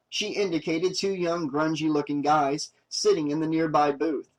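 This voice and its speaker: A man reading a horror novel aloud as an audiobook narrator, steady and plain. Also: fairly high pitch, normal speed, few pauses, rough recording.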